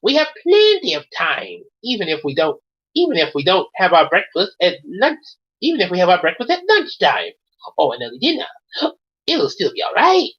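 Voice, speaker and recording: A woman's voice: a little high, very animated, a little fast, few pauses, pitched above the performer's own voice. A woman voicing a cheerful girl in a storybook reading. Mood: cheery. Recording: dull lo-fi audio.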